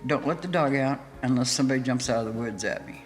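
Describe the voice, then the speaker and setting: A woman guest in an interview, telling a story in a lively way, laughing often and acting out what people said. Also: rumbling low, fast. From United States. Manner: animated, laughing storyteller who acts out quotes. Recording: hall reverb with faint music.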